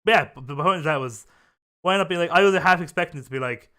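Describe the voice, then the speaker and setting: A man's voice: a little high, quick pace, pushed and bright. A young man hosting a casual chat show, talking in a profane, rambling way full of fillers and restarts. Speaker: podcast host.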